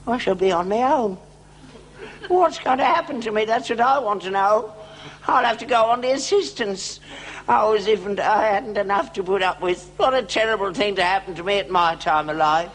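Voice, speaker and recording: A man's voice: sits high, moderate pace, fairly bright tone, low-quality recording. An actor playing a selfish, cantankerous old father, whining and cadging in a sitcom. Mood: self-pitying. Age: older.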